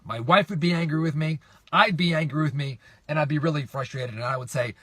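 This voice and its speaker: A man's voice: mid-range voice, a little fast, bright, forceful tone, no echo. A middle-aged man coaching real estate investors on camera, emphatic and repetitive, often asking viewers to respond. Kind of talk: direct-to-camera coaching talk.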